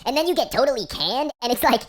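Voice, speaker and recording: A woman telling an absurd comic story as a monologue, exasperated and deadpan. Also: a little high, quick pace. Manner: exasperated, deadpan storytelling, lively swings between voices. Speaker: comedian. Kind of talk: comedic monologue. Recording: music behind the voice.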